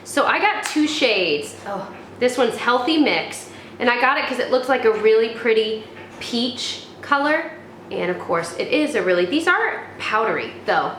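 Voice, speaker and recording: An animated young beauty vlogger from the United States speaks at a measured pace in a fairly bright voice on the high side. She casually reviews beauty products, rambling with plenty of fillers and restarts. Her echoey room carries faint background noise.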